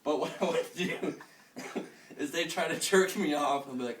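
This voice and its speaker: A man's voice: on the high side, normal speed. A young man doing a crude, rambling amateur stand-up set at home and laughing at his own jokes. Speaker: stand-up comedian. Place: room at home. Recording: echoey room, camera far off, noisy.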